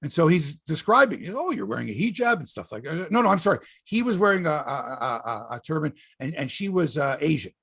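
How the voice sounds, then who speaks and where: Husky, gravelly male podcast host. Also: on the high side, lively intonation, fairly quick, few pauses, a bit bright, dry recording, studio quality. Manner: profane, rambling storyteller. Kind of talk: casual podcast chat.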